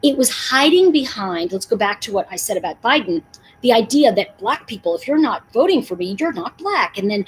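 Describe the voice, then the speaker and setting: A woman's voice: fairly high pitch, very animated, normal speed, slight background noise, low-quality recording. A middle-aged woman hosting a casual livestream, talking emphatically and answering viewers in the chat. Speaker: livestream host.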